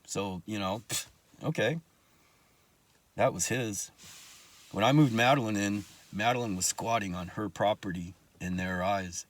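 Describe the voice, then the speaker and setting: A man's voice: on the low side, normal speed. A man telling his own life story in casual talk, blunt and profane, with angry asides.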